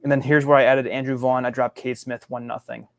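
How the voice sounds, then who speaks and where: Regular-pitched guy guesting on a podcast, easygoing, kinda halting, dry sound. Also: level tone, vocal fry, dry recording. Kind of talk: casual fantasy baseball chat.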